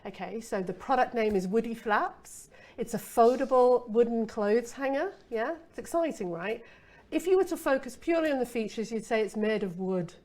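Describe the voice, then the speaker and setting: A woman's voice: on the high side, normal speed, darkish tone. A middle-aged woman giving a casual copywriting masterclass, chatty and playful, with rhetorical asides to her listener.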